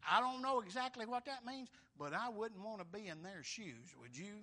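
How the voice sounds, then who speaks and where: A man preaching a folksy, emphatic sermon, swinging from soft asides to loud declarations. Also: high voice, animated, moderate pace, hardly any pauses.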